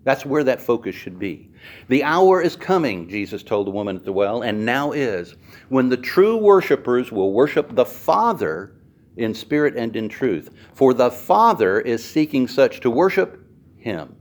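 A man preaching a sermon with a highly animated delivery, his pitch rising and falling widely. He leans hard on repeated phrases and draws out words for emphasis. His voice sits in a middling register. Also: a little slow.

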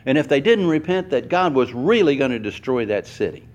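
A man preaching a sermon to a congregation, explaining word meanings slowly and stressing each word. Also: lo-fi sound. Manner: animated, acts out quoted lines with pitch swings. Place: church hall before a congregation.

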